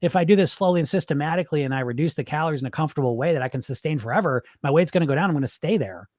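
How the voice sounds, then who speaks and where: Hosting his live weight-loss podcast on a wireless microphone, a hypnosis coach reads viewer comments and gives blunt, profane pep talks. He races along with hardly any pauses in a slightly high, darkish voice, with studio quality and no echo.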